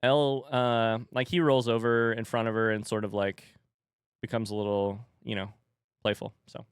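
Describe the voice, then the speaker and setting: A man's voice: on the low side, little pitch movement, normal speed, smooth, no room sound, studio quality. A man chatting casually on a livestream, rambling and reading viewer messages aloud.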